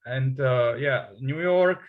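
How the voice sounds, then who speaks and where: A man interviewing a guest in a casual conversation, talking hesitantly with many pauses and restarts. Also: medium pitch, narrow, tinny audio. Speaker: English tutor, interviewer.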